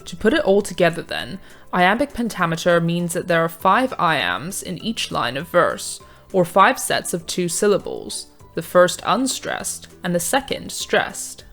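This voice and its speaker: A woman with a slightly low voice narrates a scripted revision lesson. She explains each step in a measured, clear way, and faint music plays underneath. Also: very animated, a bit bright. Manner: measured, clear teaching delivery. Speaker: revision tutor.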